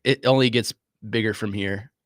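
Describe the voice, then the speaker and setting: Low-voiced young man, halting and emotional. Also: fairly even intonation, dry recording, clean studio sound. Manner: halting, emotional, stumbling over words. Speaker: sports radio co-host. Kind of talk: casual sports talk.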